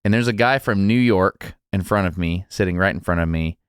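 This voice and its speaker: A man's voice: deep voice, fairly quick, clear, resonant tone, dry recording, clean studio sound. A man co-hosting a podcast, telling a story in casual chat and acting out the people in it. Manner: animated, acts out quotes with laughs. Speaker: podcast co-host.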